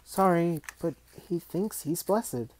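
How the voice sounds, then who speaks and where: Audiobook figure: a timid small boy, eager and a bit anxious, pitched high, as a man reads him. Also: lively intonation, slow, poor audio.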